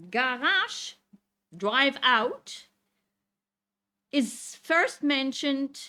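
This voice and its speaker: A woman's voice: a little high, pushed and bright. A woman teaching a Torah lesson to a congregation. She reads verses aloud, explains Hebrew words and keeps checking in with "Okay?". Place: synagogue classroom.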